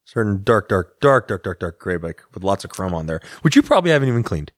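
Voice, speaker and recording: A man's voice: low-pitched, big pitch swings, quick pace, no room sound, studio quality. A man from the Midwest with a Midwestern accent, co-hosting a podcast in loose, joking banter, tired and a little delirious. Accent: Midwestern American. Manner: laughs often, joking and loose. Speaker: podcast co-host. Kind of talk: casual banter. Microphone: studio podcast mic.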